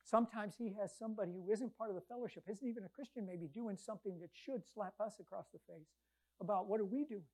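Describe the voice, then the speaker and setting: Preaching in a chatty, storytelling manner, this woman voices the characters from scripture herself, swinging fast between loud peaks at dramatic points and hushed lows at gentle ones. It's lively, conversational delivery packed with quoted speech.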